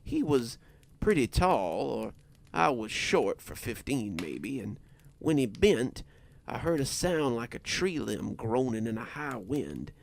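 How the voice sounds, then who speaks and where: A man narrating a scripted horror story in a slow, deliberate storytelling manner. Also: medium pitch, very animated, gravelly, a little hiss or hum.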